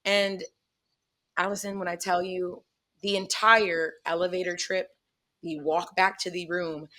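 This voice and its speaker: A woman's voice: on the low side, normal speed. A woman co-hosting a podcast who tells a personal story in casual chat. She speaks bluntly, swears a lot and laughs often. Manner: profane, blunt and animated. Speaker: podcast co-host.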